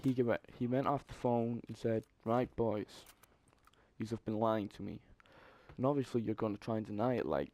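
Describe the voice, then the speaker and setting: Profane young man, mellow tone. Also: on the low side, moderate pace. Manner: profane, animated retelling with exasperated asides. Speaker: vlogger. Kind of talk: casual storytelling.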